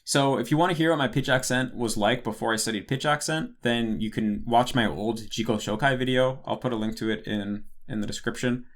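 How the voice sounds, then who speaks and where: Answering questions from patrons, this young host rambles through a casual Q&A, frequently correcting himself and filling gaps with "like." He has a mid-range voice and talks briskly with hardly any pauses.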